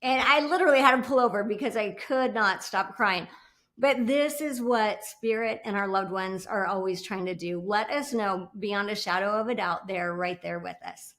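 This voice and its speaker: Woman on a panel call, earnest and heartfelt, mid pitch. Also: normal speed, fairly bright tone. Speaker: guest speaker on spirit signs. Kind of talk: earnest sharing in a panel talk. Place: online summit panel, video call.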